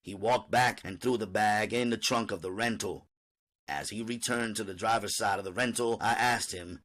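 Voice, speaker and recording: A man's voice: on the low side, moderate pace, a bit bright. A man reading an audiobook aloud in first-person narration.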